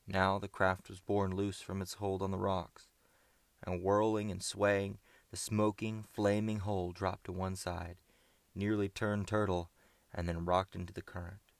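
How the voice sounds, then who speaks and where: Man, audiobook narration, low gravelly voice, dry close sound. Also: no echo. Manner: steady, measured reading.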